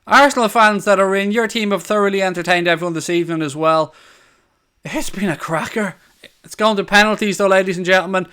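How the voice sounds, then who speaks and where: A man hosts a live football watchalong stream. His voice sits high, bright and clear. He talks excitably, swearing freely and shouting over the big moments. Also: fairly quick. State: out of breath. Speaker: watchalong host.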